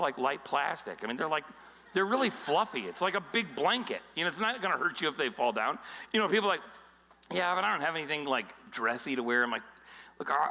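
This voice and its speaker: A man preaching a casual, joking sermon as pastor, telling stories with quick voices for the people he quotes. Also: a little high, pushed and bright, in a large hall, low-quality recording. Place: church auditorium.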